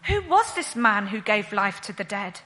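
A woman playing a grieving widowed mother, telling her story in a slow, earnest first-person monologue. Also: medium pitch, very animated, sharp tone. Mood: joyful.

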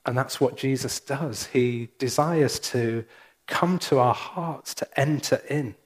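A male minister delivering a sermon in a slow, deliberate cadence. His voice sits at an ordinary middle pitch, and he leaves room between phrases. He speaks in a church. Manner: slow, measured preaching with pauses.

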